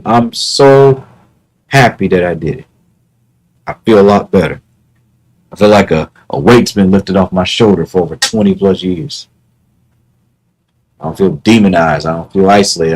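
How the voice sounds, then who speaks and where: A man's voice: deep voice, darkish tone, low-quality recording. A man talking casually on his own livestream, earnest and repetitive, often restarting his words. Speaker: live streamer.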